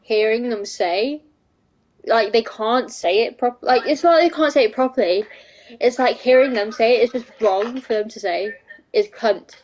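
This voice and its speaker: A young woman rambles casually on a live stream, often restarting her sentences and swearing offhandedly. Her voice sits on the high side and is a little mellow, at a normal speed, and the recording quality is low.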